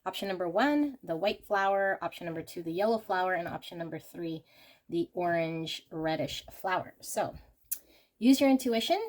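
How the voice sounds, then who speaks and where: Tarot-reading host, female, fairly low voice, gushes and exclaims over each card. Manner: gushing, exclamatory. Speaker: tarot reader.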